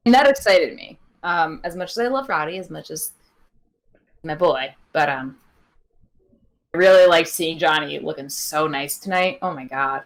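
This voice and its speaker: A woman's voice: low-pitched, lively intonation, normal speed. A young woman co-hosting a podcast, chatting casually about a wrestling match with many fillers and laughs. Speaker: podcast co-host. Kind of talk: casual wrestling recap chat.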